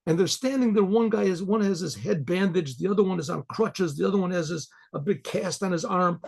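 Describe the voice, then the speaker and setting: A man's voice: high voice, a little fast, gravelly, breathy edge. A male rabbi telling a folk story in a loose, conversational way, restarting his sentences often.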